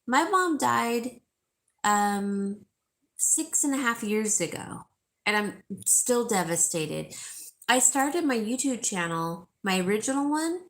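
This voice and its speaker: A woman live-streaming to her viewers, crying and talking haltingly with a sore throat, often repeating herself. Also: medium pitch, a bit bright. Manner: tearful, halting, repeats words.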